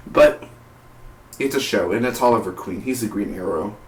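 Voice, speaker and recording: A man reviewing a TV episode in a casual, excitable way, rambling and stumbling over his words. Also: mid-range voice, normal speed, slight background noise. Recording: roomy echoey room.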